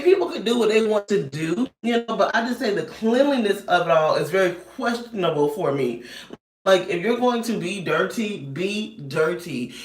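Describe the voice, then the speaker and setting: A woman in her thirties telling a story in a loud, animated rant and laughing often. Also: lowish voice. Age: 30s. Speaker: vlogger. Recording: roomy echo, distant mic.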